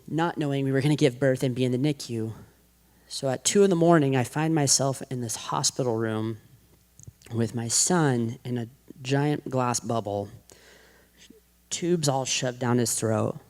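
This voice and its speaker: A man's voice: medium pitch, vocal fry, a little mellow. Man telling his testimony, filler-heavy. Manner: casual, heavy use of "like", acts out quotes. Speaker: podcast guest. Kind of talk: personal testimony.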